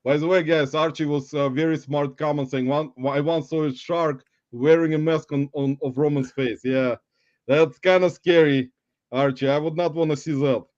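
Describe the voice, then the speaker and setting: High-voiced playful male stream host. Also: fairly even intonation, normal speed, a little mellow, no room sound, dull audio. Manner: theatrical, mock-dramatic, laughs often. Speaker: livestream host. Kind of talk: playful livestream chat.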